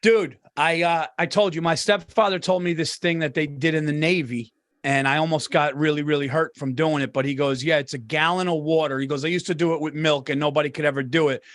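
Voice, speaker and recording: A man's voice: fairly high pitch, fairly even intonation, fairly quick, fairly bright tone. A man co-hosting a podcast, telling rambling stories in casual chat, laughing and swearing as he goes. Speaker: podcast co-host.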